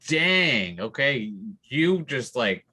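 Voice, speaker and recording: A young man with a medium-pitched voice speaks very slowly as game master of a tabletop game. He describes scenes in a relaxed way, sprinkling in fillers.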